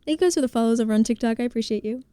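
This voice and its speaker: Fairly high-pitched and rapid-fire, this woman's voice has a dark tone and a little hiss or hum in the recording. Hailing from New Jersey and speaking with its accent, she streams a game while chatting, reading chat out loud, and saying hello to viewers.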